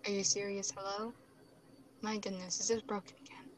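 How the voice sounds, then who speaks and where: A woman's voice: mid-range voice, level tone, brisk, slight background noise. A woman hosting a casual podcast chat, talkative and easily flustered, laughing often, recorded through a phone. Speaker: podcast host. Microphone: phone speaker.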